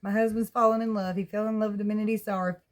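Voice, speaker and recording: A woman's voice: mid-range voice, flat delivery, fast talker. A woman with a Southern US accent rambling in a casual, folksy home vlog, often laughing. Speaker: vlogger. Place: at home with pets.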